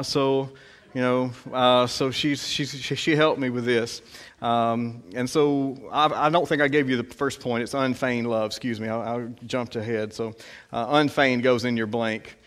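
A man preaching a casual, conversational sermon, pausing often with fillers as he reads scripture and prays. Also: medium pitch, steady tone. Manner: conversational, halting, many fillers.

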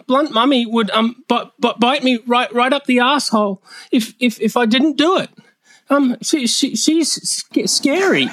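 A man's voice: very high-pitched, fairly bright tone, no room sound, pitched above the performer's own voice, exaggerated voice, rough recording. A man voicing a nervous grown man who stammers and hesitates on nearly every word during a comedy roast bit.

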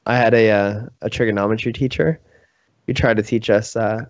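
A man's voice: lowish voice, steady tone, brisk, no echo. An American man chats on a podcast and tells rambling, self-deprecating stories. The sound is dry and a little dull. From United States. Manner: self-deprecating, storytelling with fillers. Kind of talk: casual podcast chat.

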